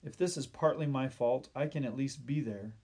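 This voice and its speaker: A man voicing a distressed young boy who pleads and cries out in high tones. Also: moderate pace, a little mellow, breathy edge. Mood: prayerful.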